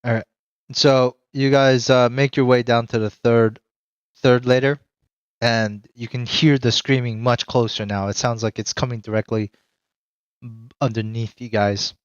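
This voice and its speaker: A game master narrates a tabletop game slowly, pausing and filling gaps with fillers. The sound is dull and lo-fi, dry and close. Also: medium pitch, little pitch movement, clean tone, no echo. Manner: slow, hesitant, with fillers.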